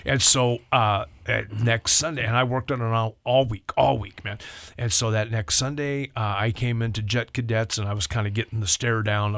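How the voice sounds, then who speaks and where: An older man, a pastor, telling a personal story in casual talk, acting out voices with lively rising pitch. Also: a little fast, no room sound. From Southern California. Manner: animated, acts out quoted voices with rising pitch.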